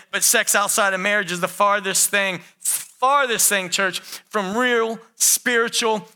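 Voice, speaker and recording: A man's voice: high voice, bright, forceful tone. A middle-aged man preaching a sermon, calling the congregation "church" and acting out the pleas of the people he describes. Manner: emphatic preaching, often addresses the congregation as "church", acts out quoted pleas. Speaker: pastor.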